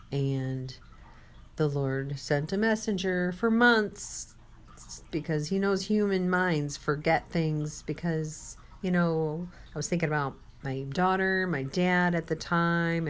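Speaking in a low-sitting voice, a woman delivers a sermon-style testimony, recounting a personal story with quoted dialogue and addressing the listener directly.

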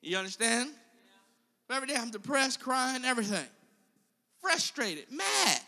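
A man's voice: very high voice, expressive, normal speed, pushed and bright, long reverb tail. A male preacher giving an impassioned sermon and calling out to his congregation. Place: church.

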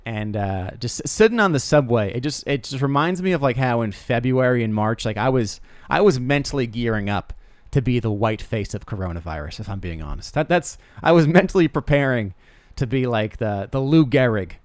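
A young man talking off the cuff in a comic monologue, mid-pitched and recorded dry and close. He rambles and restarts his sentences, and he pokes fun at himself as he goes. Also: lively intonation, fairly quick, hardly any pauses, no echo. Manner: rambling, self-deprecating, stammering restarts. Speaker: podcast host. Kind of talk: casual comedic monologue.

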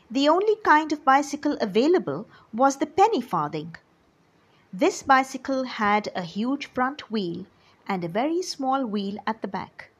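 A woman reads a children's story aloud with an expressive delivery. Her voice is breathy and fairly high. She moves slowly, with a lively rise and fall. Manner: expressive, addresses children directly.

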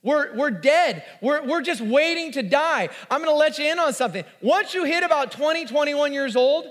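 A man in his forties preaching a sermon, telling the story in an animated way and acting out the voices. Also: very high voice, moderate pace. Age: 40s. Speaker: pastor. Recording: reverberant hall.

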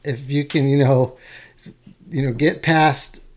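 A man hosting an interview, talking in a relaxed, chatty way with plenty of fillers and restarts. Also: medium pitch, slow. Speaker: podcast host. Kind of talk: casual interview chat.

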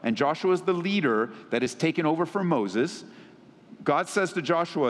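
A man preaching a sermon as pastor, animated and swinging his pitch widely. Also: moderate pace. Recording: long reverb of a big hall.

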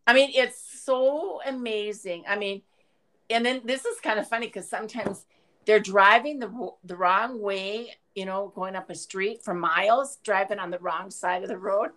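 A mother chatting on a family podcast, with a mid-pitched voice. She tells her stories loosely, with ums and restarts. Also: normal speed, a bit bright. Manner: chatty storytelling with fillers. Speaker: guest, mother of the hosts. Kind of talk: casual podcast chat.

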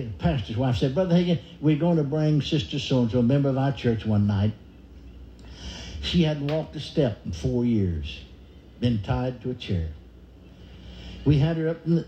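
A man's voice: medium pitch, dark tone, a little hiss or hum. An older man preaching a sermon, telling a story and acting out the voices in it. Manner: acts out forced laughter and quoted dialogue. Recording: echoey dull room recording.

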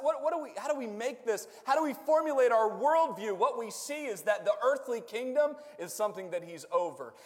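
A male pastor preaching a sermon, asking the congregation to answer back and building up to shouted lines. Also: very high voice, lively intonation, normal speed. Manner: call-and-response preaching, rising to shouts. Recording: long hall reverb.

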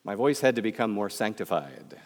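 A man with a Midwestern American accent gives a talk to an audience, joking and chatting with them directly. His pitch swings widely and stays animated. His voice rings with the long reverb of a large hall. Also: fairly quick. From Michigan, USA. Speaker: speaker giving a talk.

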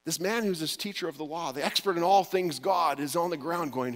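A pastor preaching a storytelling sermon, often dropping to a hushed voice for quoted words. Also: male voice, fairly high pitch, fairly quick, hardly any pauses, long reverb tail.

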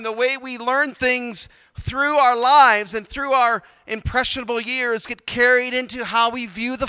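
A man preaching a sermon, swinging from loud emphatic bursts to quiet low asides. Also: clean tone, no room sound, in a large hall. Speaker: pastor.

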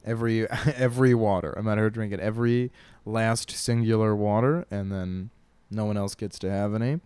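A man's voice: fairly low pitch, a little mellow, clean tone, no room sound. A man, a stand-up comic, hosting a casual comedic monologue, rambling and profane and often laughing at his own jokes. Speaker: podcast host and stand-up comic.

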